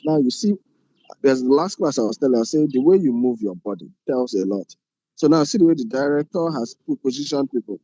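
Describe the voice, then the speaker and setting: A man's voice: medium pitch, expressive, fairly quick, warm tone, no room sound, highs cut off. A man lecturing a film class on directing, often repeating phrases and asking rhetorical questions.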